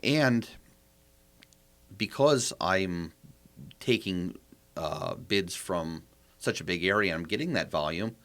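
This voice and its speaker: A man's voice: low-pitched, animated, slow pace, pauses often, a bit bright. A man, a property manager guest on a podcast, explaining his process in a casual interview, walking through rhetorical questions one after another.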